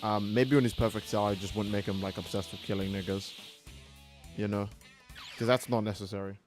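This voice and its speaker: A man's voice: on the low side, fairly even intonation, brisk, over music. A man streaming a video game who rambles casually and swears freely in his commentary. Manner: rambling and profane, acting out characters' lines. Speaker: gaming streamer.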